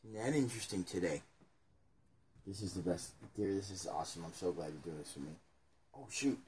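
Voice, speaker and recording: A man's voice: low-pitched, lively intonation, brisk, pauses often, darkish tone. A man co-hosting a casual chat, reading a children's book aloud into a phone camera and joking about his own mistakes. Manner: jokey, rambling, laughs at himself. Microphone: phone front camera.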